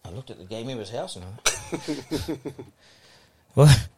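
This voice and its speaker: A man's voice: medium pitch, normal speed, crowd noise. A middle-aged man with a New Zealand accent telling a story as a podcast guest, acting out the dialogue as he goes. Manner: animated anecdotal storytelling, acting out quoted dialogue. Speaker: guest broadcaster.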